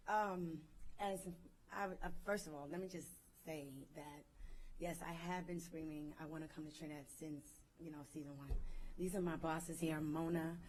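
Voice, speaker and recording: A woman who is a reality TV cast member giving an excited, effusive speech at an event. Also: sits low, normal speed, a little hiss or hum, poor audio.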